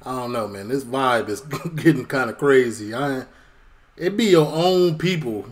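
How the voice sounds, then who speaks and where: A man's voice: mid-range voice, lively intonation, a little slow, noisy background. A man with a Chicago accent making laid-back, joking remarks while reacting to a video. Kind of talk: casual reaction commentary.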